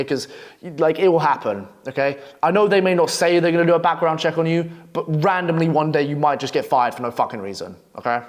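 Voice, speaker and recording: A brash young man coaching copywriters, telling stories in a blunt, swearing monologue. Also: a little high. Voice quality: brash, swearing, storytelling delivery. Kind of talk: profane, blunt advice monologue.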